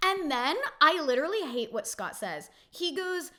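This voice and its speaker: A woman recapping a reality TV episode in a casual, opinionated way, talking fast with lots of "like" and mocking quotes of the cast. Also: high-pitched, very animated, sharp tone. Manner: chatty, frequent "like", quotes cast members in mocking voices.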